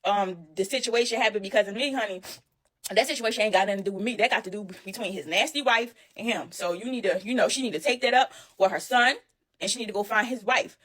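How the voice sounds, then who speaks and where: A woman telling a story about herself in a casual, animated, indignant way, speaking straight to her listeners. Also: mid-range voice, quick pace. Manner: animated, indignant, addresses listeners as y'all and honey. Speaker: storyteller recounting her own experience.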